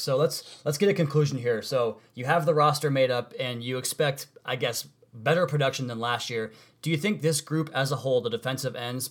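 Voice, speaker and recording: A man's voice: medium pitch, a bit bright. Man hosting a sports podcast. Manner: leads with long multi-part questions, self-deprecating asides. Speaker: podcast host. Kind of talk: casual sports podcast interview.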